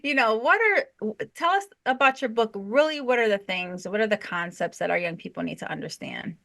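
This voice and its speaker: A woman's voice: mid-range voice, lively intonation, a little fast, creaky, sharp tone. A woman co-hosting a podcast, asking questions in an encouraging, conversational way. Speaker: podcast co-host. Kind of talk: casual interview talk.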